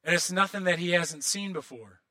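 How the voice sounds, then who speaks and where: Man, pastor, sermon, high voice, very bright tone, animated delivery. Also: moderate pace. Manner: animated, acts out prayers and quotes in different voices.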